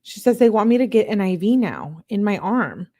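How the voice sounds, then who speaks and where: A woman hosting a show, reading text messages aloud in a plain, steady way and breaking off for blunt, disbelieving asides to her viewers. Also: medium pitch, moderate pace. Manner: reads chat comments aloud to viewers. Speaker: channel host.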